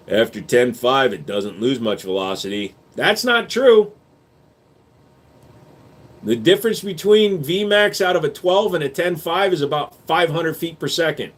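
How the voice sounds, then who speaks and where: Male streamer taking chat questions: blunt, profane, bantering, quick with answers, sarcastic when pushed. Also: medium pitch. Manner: reads viewer questions aloud, then answers quickly; turns loud and sarcastic when arguing. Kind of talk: casual live-stream chat.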